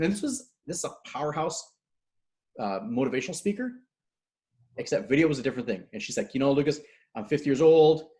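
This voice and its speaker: A man speaking as a guest coach in a casual video-call interview, energetic and acting out quotes as he tells stories. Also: mid-range voice. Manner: fast, energetic storyteller, acts out quotes. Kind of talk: animated casual interview talk.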